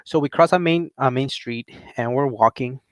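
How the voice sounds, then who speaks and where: A young channel host rambles through a personal story in a relaxed, unscripted rant, laughing often and getting animated when quoting others. His ordinary mid-pitched voice moves at normal speed, recorded dry and close with no echo.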